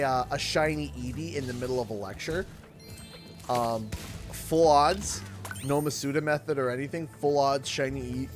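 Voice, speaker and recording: A man with a Canadian accent, chatting casually while streaming a game, telling rambling stories with frequent laughter and restarts. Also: on the high side. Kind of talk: casual chat while gaming.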